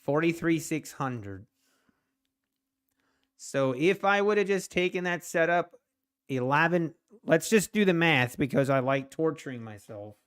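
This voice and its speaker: Male live-stream trader, smooth clear tone, unhurried delivery, animated and self-mocking. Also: fairly high pitch. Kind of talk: casual live-stream commentary to chat.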